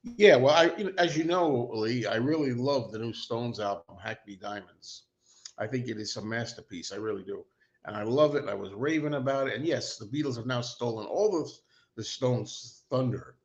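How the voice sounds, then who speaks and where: A man's voice: mid-range voice, normal speed, lo-fi sound. A man hosting a casual livestream, rambling and self-deprecating, talking as an enthusiastic fan. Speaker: host.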